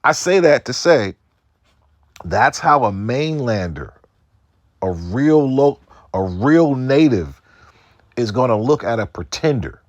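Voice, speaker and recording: A man's voice: mid-range voice, lively intonation, slow, pauses often, dry recording. A man from Seattle hosting a podcast, telling profane, loose stories in a casual monologue and mimicking other people's voices. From Seattle, United States. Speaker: podcast host.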